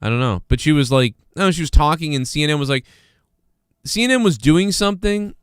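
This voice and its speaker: Rambling, smooth-voiced male livestream host. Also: a little high, lively intonation, a little fast, no echo, studio quality. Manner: rambling, many fillers and restarts; sarcastic, mocking. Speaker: livestream host reading chat. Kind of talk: casual livestream commentary.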